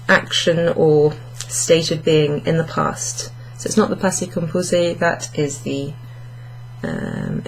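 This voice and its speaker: Slow, gravelly-voiced woman teaching French. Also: on the low side, a little hiss or hum. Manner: explains step by step, corrects herself aloud. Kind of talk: online language lesson. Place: indoors under a hot studio light. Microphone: camera facing her.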